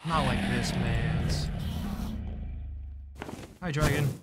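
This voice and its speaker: A gaming YouTuber narrates his play live over loud music, his medium-pitched voice drawing out words. He's chatty, talks to the creatures on screen, and keeps breaking into startled outbursts.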